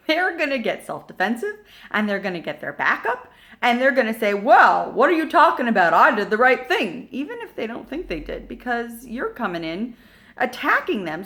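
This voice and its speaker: A woman with a fairly high voice coaches parents in a relaxed, chatty way. She acts out little exchanges as she goes and fills her talk with "like" and "you know.". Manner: animated, acts out little dialogues, many fillers. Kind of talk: casual advice talk to camera.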